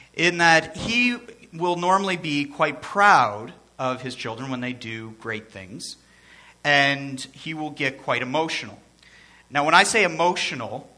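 Bright-voiced male pastor preaching. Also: fairly high pitch. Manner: conversational, joking asides, repeats for emphasis. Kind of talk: sermon.

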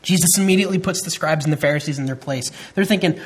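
A man's voice: a little high, quick pace, few pauses, breathy edge. A man in his thirties preaching a sermon, earnest and emphatic, often restarting his phrases. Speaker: pastor.

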